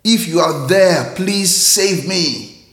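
A terrified man clings on and begs for rescue in a high, frantic, pleading voice, as a preacher acts him out. The room around him is echoey. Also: slow pace, fairly bright tone, exaggerated voice. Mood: desperate. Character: desperate frightened man dangling from cliff.

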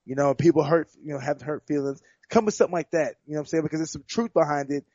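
A man with a somewhat high voice talks through a fight in loose, rambling sports chat, circling back and repeating his words as he goes. The sound is dull and dry, with no room around it. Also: fast talker, a little mellow, no echo. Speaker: fighter guest.

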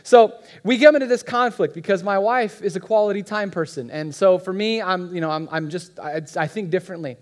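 High-voiced man preaching conversationally. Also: fairly quick, hardly any pauses. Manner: conversational, joking with the congregation, animated. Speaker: guest pastor. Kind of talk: sermon. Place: church.

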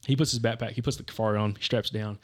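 A man's voice: fairly low pitch, steady tone, rapid-fire. A young man hosting a podcast, telling a hunting story in loose, rambling casual chat full of "dude" and "like.". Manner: rambling, says "dude" and "like" constantly.

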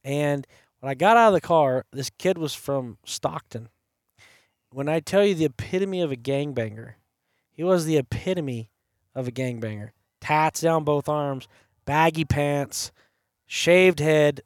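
Man, podcast host, casual storytelling, animated, quotes people in their voices, slightly high voice, dry sound. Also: a little slow, no room sound. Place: campside.

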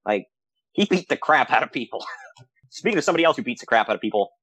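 A man co-hosting a podcast, telling stories in a casual, animated way with frequent laughs. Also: medium pitch, quick pace, slightly rough, no echo. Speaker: podcast co-host. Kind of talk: casual chat.

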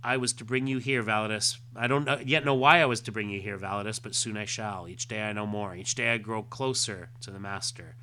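A man's voice: fairly low pitch, a little fast, few pauses, sharp tone, slight background noise. A man reading aloud the lines of a fanatical young male alien cultist from a comic. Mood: devout. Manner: devout, fanatical.

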